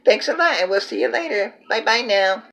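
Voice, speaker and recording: A man plays an excitable stuffed-animal puppet co-host in a comedy sketch, his voice high and bright. The pitch swoops all over, and he mocks the others in a bouncy way. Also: fairly quick, creaky, heavily acted. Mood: giddy. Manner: bouncy, mocking, confused.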